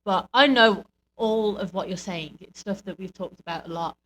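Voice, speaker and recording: A woman's voice: mid-range voice, normal speed, fairly bright tone, a little hiss or hum, low-quality recording. Chatty woman podcast co-host. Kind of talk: casual chat.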